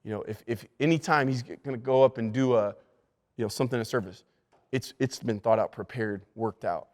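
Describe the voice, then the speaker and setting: A male pastor at a middle pitch teaches church staff in an emphatic, conversational way. He stumbles and restarts his sentences and repeats his key words for emphasis. His voice rings out with the long reverb of a church hall. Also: a little fast, darkish tone. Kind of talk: leadership lesson to church staff.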